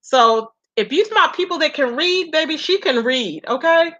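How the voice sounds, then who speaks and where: A high, bright woman's voice comes through dull, lo-fi stream audio. She gossips in a loose, chatty way and keeps greeting viewers. She calls the audience "baby" and "y'all". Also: lively intonation, moderate pace. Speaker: livestream commentary host. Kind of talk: casual livestream gossip commentary.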